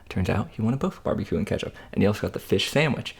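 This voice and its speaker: A man's voice: sits low, racing, creaky, few pauses. A man casually telling a story in slang between bites of food, as a food vlogger. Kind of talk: casual mukbang chat.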